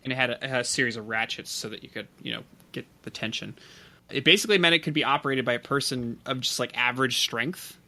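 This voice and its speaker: A man co-hosting a relaxed podcast, with a bright, forward voice at an ordinary pitch. He rambles through his facts, full of fillers and restarts. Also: fast talker. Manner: rambling explainer with many fillers. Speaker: podcast co-host. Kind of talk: casual podcast chat.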